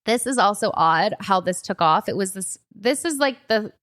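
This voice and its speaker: A young adult woman hosts a podcast in casual chat, rambling and using "like" constantly. Her medium-pitched, fairly bright voice has lively intonation and a moderate pace, recorded on a podcast microphone.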